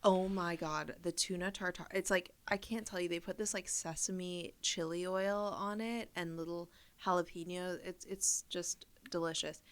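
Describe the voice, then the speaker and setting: A woman's voice: lowish voice, steady tone, normal speed, hardly any pauses. A woman with an American accent co-hosting a comedy podcast, chatting enthusiastically with frequent swearing. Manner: profane, enthusiastic. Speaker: podcast co-host. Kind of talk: casual chat.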